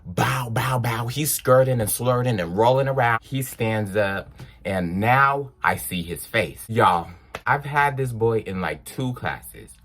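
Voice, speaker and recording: A young man telling a personal story in a casual storytime vlog, animated and acting out the people in it. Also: medium pitch. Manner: animated, acts out voices, drawn-out exclamations. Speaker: vlogger.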